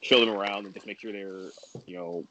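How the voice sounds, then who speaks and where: A man's voice: on the low side, steady tone, bright, forceful tone, highs cut off, a little hiss or hum. A man telling a story as a wrestler guest on a podcast, casual and rambling, with lots of "like" fillers. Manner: fast, filler-heavy and rambling with many "like"s.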